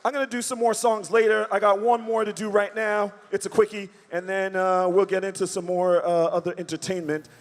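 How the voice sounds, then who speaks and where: A man's voice: sits high, level tone, brisk, few pauses, big-room sound. A man performing comedy rap at a live show and chatting between songs in a casual, mumbling way. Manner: rhythmic rapping, casual mumbling asides. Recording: live show with loud music. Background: loud music.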